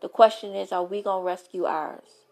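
Emphatic woman with a gravelly edge. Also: mid-range voice, steady tone, moderate pace, darkish tone. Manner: emphatic and repetitive, slangy, talks straight to viewers. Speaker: vlogger and show host. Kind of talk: impassioned rant to camera.

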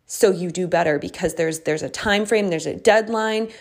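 A woman's voice: on the low side, normal speed. A young woman hosting a casual solo podcast as a coach, talking in a chatty, reflective way with many fillers and restarts.

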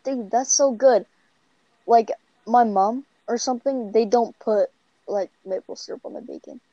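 A woman's voice: a little high, unhurried, dark tone, dry recording, dull audio. A young woman with a Canadian accent, chatting casually and rambling, filling her talk with "like" and "bro.". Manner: rambling, heavy use of "like" and "bro". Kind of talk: casual chat.

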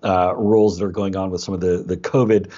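Man, interview guest, assured, pointed, low pitch, dull lo-fi recording. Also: little pitch movement, a little fast, dark tone. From United States. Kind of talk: interview answers. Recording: dull lo-fi audio.

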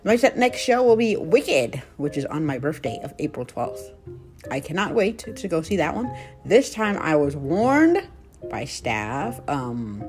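A woman with a low voice hosts her own solo podcast, talking in a loose, chatty way. Her pitch leaps and dips expressively as she goes, and she fills pauses with plenty of ums. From United States. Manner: chatty and animated, lots of ums. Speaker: podcast host. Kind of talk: casual solo podcast chat.

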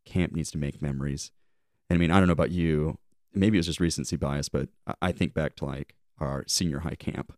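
On a studio-quality, echo-free recording, a man with a very deep, darkish voice speaks steadily and a little fast. Co-hosting a casual podcast, he muses warmly and loosely about leading camp over the summer, self-correcting and restarting as he talks.

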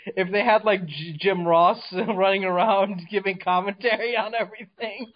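A man co-hosting a casual movie podcast, talking excitedly with laughs and swearing. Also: high-pitched, moderate pace, dull audio. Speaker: podcast co-host.

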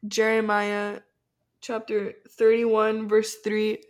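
Young woman with a congested voice, excitable podcast co-host, earnest and slangy. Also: mid-range voice, slow. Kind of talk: casual faith podcast chat.

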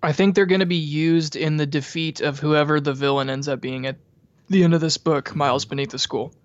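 A man's voice: on the high side, steady tone, brisk, dry recording. A man co-hosting a casual book-club podcast, talking in a playful, enthusiastic, jokey way, on a dull lo-fi recording. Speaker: podcast co-host.

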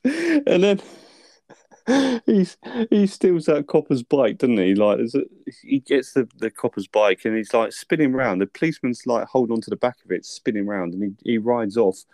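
A young man casually retelling a film scene, sweary and animated, laughing as he goes. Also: medium pitch, moderate pace, no echo, studio quality. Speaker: podcast co-host.

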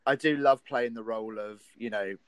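A young Englishman chatting casually with a friend. He is playful and teasing, with frequent laughter. His voice sits at an average pitch, recorded close and dry. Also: steady tone, normal speed, smooth, no room sound. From England. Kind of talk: casual chat.

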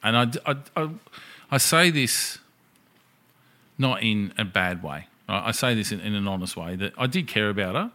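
A man's voice: on the low side, expressive, normal speed, pushed and bright. A man, co-hosting a podcast and swapping crude stories in casual banter. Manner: blunt, storytelling, swears freely. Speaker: podcast co-host.

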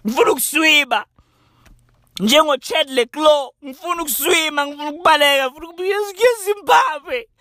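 A woman playing a panicking man who can't swim, wailing in a squeaky high voice and tumbling his words out in frantic shouts. He sounds close and dry, with no room around him. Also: expressive, a little fast, dry recording.

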